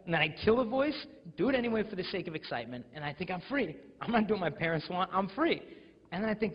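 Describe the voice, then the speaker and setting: A young American man speaks to a crowd of teenagers, telling stories with energy and slipping into mimicked voices. His voice sits fairly high with a husky edge. The sound carries a long hall echo and a dull, lo-fi tone. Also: fast talker. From United States. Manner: animated storytelling, mimics voices. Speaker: school speaker. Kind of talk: live motivational talk to teens. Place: school auditorium.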